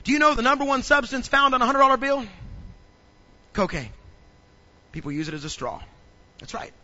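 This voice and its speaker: A man pastor preaching a sermon, telling funny stories and building up to loud preaching. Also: extremely high pitch, sing-song, a little fast, lo-fi sound. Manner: humorous storytelling, acts out little scenes.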